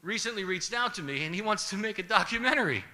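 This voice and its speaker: A man telling a comic story live to an audience, animated and wry, chuckling through his punchlines. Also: sits high, fast talker, very noisy.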